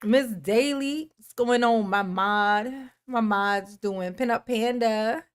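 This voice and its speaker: A woman with a bright, high voice hosts a casual livestream and greets viewers by name with affectionate pet names. She talks in an unhurried way, refers to herself as Mama, and laughs often between greetings. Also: clean tone. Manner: calls herself Mama in the third person. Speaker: livestream host. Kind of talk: casual live-stream chat greeting viewers.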